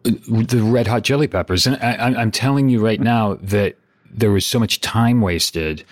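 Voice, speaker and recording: A middle-aged man co-hosting a comedy podcast, playing along with jokes in a dry, deadpan way. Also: fairly low pitch, normal speed. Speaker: podcast co-host.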